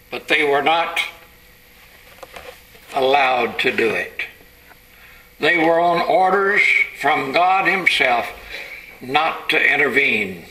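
A man preaching a sermon, telling the story dramatically and building to shouted climaxes. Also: a little high, sing-song, takes it slowly, long pauses, a little hiss or hum, poor audio.

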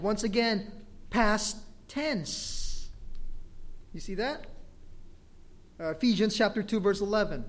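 High-voiced, slow-preaching pastor. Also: male voice, lively intonation. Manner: preaches with humor, asks the congregation "amen?". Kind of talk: sermon.

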